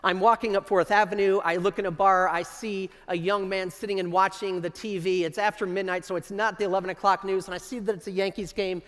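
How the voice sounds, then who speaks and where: Energetic high-voiced man on a big stage. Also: brisk, few pauses. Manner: energetic, enthusiastic storytelling. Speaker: conference speaker. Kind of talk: storytelling keynote talk. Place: stage in a large hall. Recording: long reverb from a large hall.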